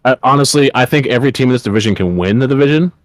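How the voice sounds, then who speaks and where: A man's voice: medium pitch, rapid-fire, no room sound. A young man co-hosting a casual sports podcast, chatting about football picks. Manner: puts on a jokey Midwestern voice. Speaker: podcast co-host.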